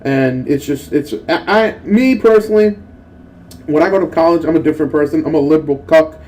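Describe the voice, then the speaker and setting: Heard on a low-quality recording, this young gaming channel host talks a little fast in a higher-than-average voice. He rambles and curses through story-filled gameplay commentary between moves, with excitable acted-out quotes.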